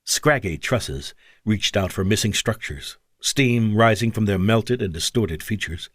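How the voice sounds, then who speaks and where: A man's voice: lively intonation, measured pace, dry recording, studio quality. A man narrating an audiobook, shifting his delivery for the characters' lines. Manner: shifts pitch and pace for character dialogue. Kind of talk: scripted narration.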